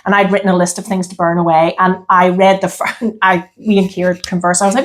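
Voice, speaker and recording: A woman's voice: lowish voice, fairly even intonation, brisk. Chatty Irish woman rambling. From Ireland. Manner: chatty, rambling, laughs often, acts out her own past lines. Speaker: podcast co-host. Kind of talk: casual chat.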